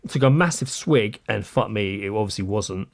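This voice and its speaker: A podcast co-host tells a story in casual chat, animatedly acting out what people said and swearing a lot. His voice sits on the low side, with vocal fry, at a normal speed.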